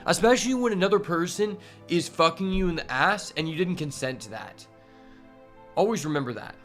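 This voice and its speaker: A man streaming a card game, talking casually and excitedly to his chat and swearing often. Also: a little high, fairly quick, soft background music. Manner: profane, excitable, talks to chat. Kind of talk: casual live-stream commentary while playing.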